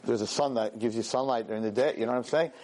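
A man, a rabbi and teacher, telling a story in a Torah class, animated and self-mocking, sprinkling in Hebrew and Yiddish words. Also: mid-range voice, fast talker.

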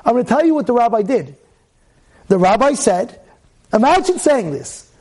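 A man with a high voice teaches a Torah lesson as a lively story. He keeps firing repeated rhetorical questions at his listeners and suddenly gets loud at the big moments. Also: moderate pace.

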